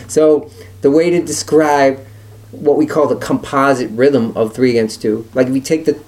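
A man giving a one-on-one rhythm lesson as a music teacher, patiently explaining and chanting counting syllables in steady beats. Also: medium pitch, a little slow. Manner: patient, encouraging instruction. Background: loud instrument music playing.

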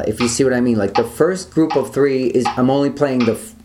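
A man teaching guitar rhythms, explaining step by step in a relaxed way and counting beats aloud. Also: medium pitch, brisk, background noise. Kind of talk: instructional talk with counting.

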